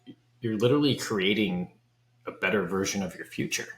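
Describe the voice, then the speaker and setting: A man's voice: lowish voice, fairly quick. A man speaking as a guest on a business podcast, reflective and searching for his words in loose phrases. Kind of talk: casual podcast conversation. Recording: roomy echo.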